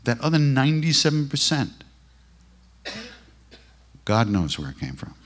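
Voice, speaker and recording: A man giving a casual spiritual talk to a live workshop audience, blunt and joking, with sudden swings between loud and soft. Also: medium pitch, sing-song, a little slow, a little hiss or hum. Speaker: spiritual teacher and chant singer.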